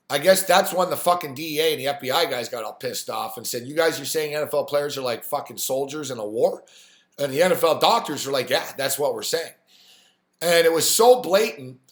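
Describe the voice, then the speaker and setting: A man ranting on a sports live stream, swearing freely and acting out the people in his story. His voice sits a little high, and the room gives it a clear echo. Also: fairly bright tone. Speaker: sports talk host. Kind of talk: profane live-stream rant.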